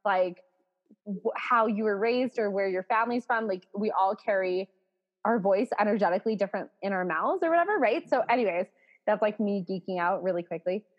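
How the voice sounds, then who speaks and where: A woman's voice: medium pitch, a little fast, lo-fi sound. A woman hosting a podcast in a casual chat, bubbly and laughing often, swearing freely and saying "like" a lot. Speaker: podcast host.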